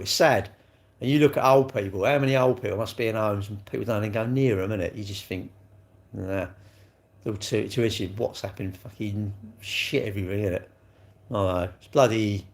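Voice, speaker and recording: A man, chatting bluntly with viewers on a livestream, swearing freely and calling everyone mate. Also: fairly low pitch. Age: 60s. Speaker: livestream host. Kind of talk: casual chat reading live comments.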